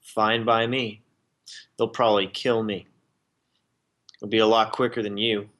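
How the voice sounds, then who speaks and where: A man's voice: fairly low pitch, level tone, measured pace, fairly bright tone. A man voicing a bitter, defiant seventy-year-old male prisoner who speaks with scorn and swears freely. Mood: cold. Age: 70s.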